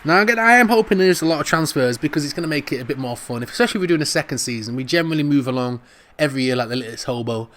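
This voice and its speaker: Excitable Jamaican man commentating a game. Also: a little high, a little hiss or hum. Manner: excitable, laughs often, drawn-out shouts over goals. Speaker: gaming commentator. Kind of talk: casual football game commentary. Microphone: studio microphone.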